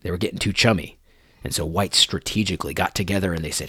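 A man's voice: sits low, fast talker, a bit bright, slightly rough, dry recording, studio quality. A man commenting on video clips in an incredulous, mocking tone, often restarting his sentences.

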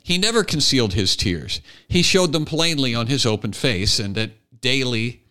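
Male comedy podcast host; bright, animated, jokey; reads text deliberately. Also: medium pitch, clear, resonant tone. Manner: jokey, laughs often, reads aloud deliberately. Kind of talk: casual podcast chat and quote reading. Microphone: podcast microphone.

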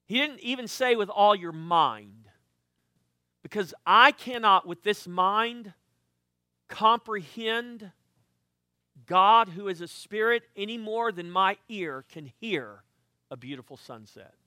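An older pastor preaches a sermon, swinging lively between quiet asides and loud, emphatic bursts. His voice is high-pitched and slow. The studio sound is clean, with no echo.

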